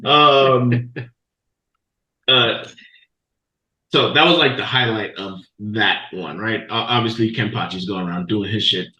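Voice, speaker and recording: A man hosting a podcast, recapping a show in a loose, profane, animated storytelling way. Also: lowish voice, unhurried, pauses often, a little hiss or hum. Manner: profane, animated storytelling with laughs and quoted voices. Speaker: podcast host. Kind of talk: casual recap of an anime episode. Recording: echoey room.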